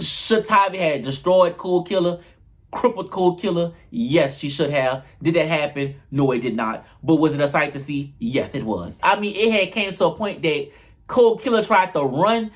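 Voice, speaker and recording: Sassy high-voiced man recapping reality drama. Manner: sassy, profane, jumps into mocking quoted voices. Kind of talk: animated comedic recap.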